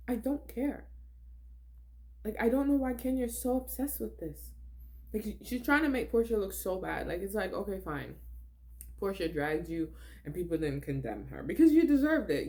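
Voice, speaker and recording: A woman's voice: mid-range voice, animated, moderate pace, mellow. Young woman doing a reaction vlog, blunt and fed up, voice jumps all over, laughs a lot. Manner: blunt, exasperated, laughs often. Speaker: reality TV recap vlogger. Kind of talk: casual reaction commentary.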